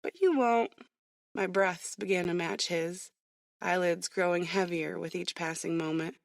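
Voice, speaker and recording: Low-toned playful female narrator. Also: flat delivery, moderate pace, gravelly, dry recording, studio quality. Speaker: audiobook narrator, author. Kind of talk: first-person audiobook narration.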